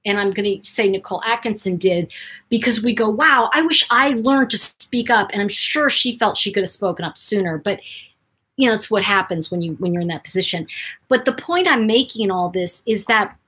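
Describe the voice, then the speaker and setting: A woman hosting her own channel, telling a personal story to camera in an animated way, jumping between loud bursts and near-whispers. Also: medium pitch, brisk, breathy edge. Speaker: host.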